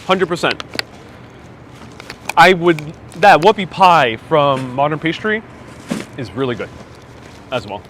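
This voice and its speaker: A man's voice: fairly high pitch, animated, takes it slowly, long pauses, fairly bright tone. A man hosting a live walking tour, chatting casually and reading out viewer comments, a bit stuffy-nosed, outdoors on city streets. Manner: chatty, reads viewer comments aloud, laughs often. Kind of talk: casual live-stream chat while walking. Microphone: wireless clip-on mic. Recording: faint street noise outdoors.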